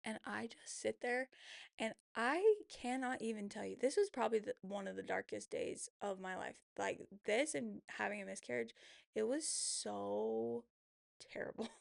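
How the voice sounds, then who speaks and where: A young woman in her twenties tells a personal story on her podcast, with strong gravelly vocal fry throughout. She sounds candid and emotional, scattering casual fillers as she goes. The sound is dry and close. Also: a little high, animated, normal speed, no room sound. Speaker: podcast host.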